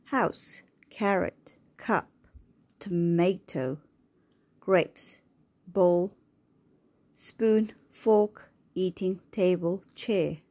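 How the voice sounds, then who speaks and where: Slow, low-pitched woman reading single words. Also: a little mellow. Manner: slow, clear, one word at a time. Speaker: reader of a children's word book. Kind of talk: reading aloud word by word.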